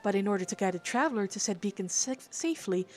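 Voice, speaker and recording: A woman voicing a calm, learned female scholar in a formal, measured, softer tone over faint game music. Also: mid-range voice, close to an everyday voice. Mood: thoughtful.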